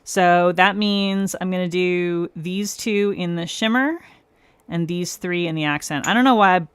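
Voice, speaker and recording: A woman's voice: lowish voice, unhurried, clear, resonant tone, no room sound. Chatty woman hosting a nail livestream. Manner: chatty, laughs often, talks to viewers by name; explains step by step while working. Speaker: nail art livestream host. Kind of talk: casual live-stream chat.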